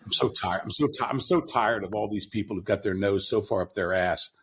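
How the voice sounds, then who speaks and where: A man's voice: on the low side, brisk, fairly bright tone. A man talking bluntly on a podcast, mocking and profane, with frequent restarts. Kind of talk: casual opinionated talk.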